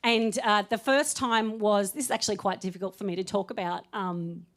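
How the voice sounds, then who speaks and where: A woman's voice: mid-range voice, steady tone, normal speed, fairly bright tone. A woman in her thirties doing a stand-up set on a comedy club stage, chatty and self-mocking, laughing through her punchlines.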